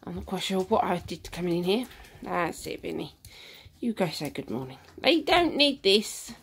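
Lively cooing woman talking to puppies. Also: on the low side, moderate pace, gravelly, breathy edge. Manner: cooing, sing-song baby talk to puppies. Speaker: dog breeder filming her puppies. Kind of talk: casual chat to dogs while filming. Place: indoor living room at home. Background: puppies playing.

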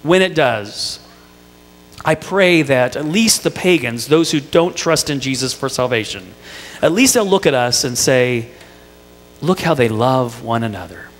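Animated male pastor in echoey hall. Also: medium pitch, a little slow, slight background noise. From Indiana. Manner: animated storytelling with playful asides to the congregation. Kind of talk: sermon. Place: church sanctuary.

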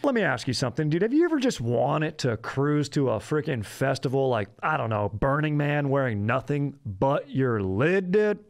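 A man's voice: medium pitch, sing-song, moderate pace, vocal fry, few pauses, voice pushed up. A man voicing a laid-back young bro in a comic ad read, drawling slang and saying dude after every phrase. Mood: hyped.

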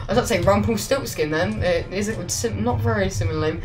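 A woman's voice: fairly low pitch, moderate pace, poor audio. A woman giving chatty, rambling, jokey commentary while playing a video game. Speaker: gaming YouTuber. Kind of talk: casual let's-play commentary. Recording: quiet music under the voice.

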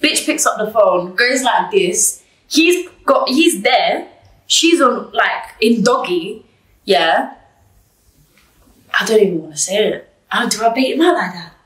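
A woman telling a personal story in an interview, blunt and animated, swearing freely. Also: mid-range voice, a little slow, pauses often. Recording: roomy, distant mic.

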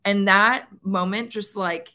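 A woman's voice: mid-range voice, fairly even intonation, takes it slowly, pushed and bright. A woman from Canada, a country singer, chatting casually as a guest, with lots of "like" and "um" fillers. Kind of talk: casual interview chat.

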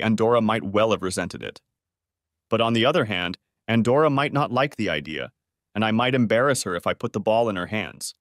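Male narrator for a first-person drama, mid pitch, lively delivery, dry close sound. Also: no echo.

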